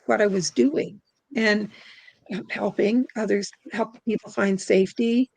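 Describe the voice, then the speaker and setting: Woman, middle-aged, from canada, gravelly, mid pitch, halting rambling storyteller, dry close sound. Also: steady tone, a little mellow, dry recording, low-quality recording. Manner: rambling, halting, many fillers and restarts. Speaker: guest spirit releasement practitioner. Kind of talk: casual interview storytelling.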